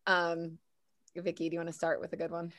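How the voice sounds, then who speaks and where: A woman co-hosting a casual chat, telling an animated story and acting out the people in it. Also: fairly low pitch, a little fast. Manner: animated storyteller, acts out quotes. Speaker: podcast co-host.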